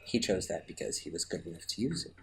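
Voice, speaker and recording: A man's voice: deep voice, expressive, fast talker, vocal fry, fairly bright tone. A man co-hosting a podcast, mostly chiming in with short agreeing remarks. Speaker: podcast co-host. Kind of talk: casual fan discussion.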